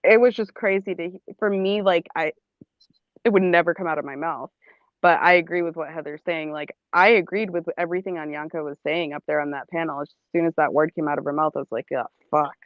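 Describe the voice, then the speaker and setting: A woman's voice: low voice, steady tone, quick pace, no echo, dull audio. A woman co-hosting a casual livestream chat, talking emphatically and repeating herself.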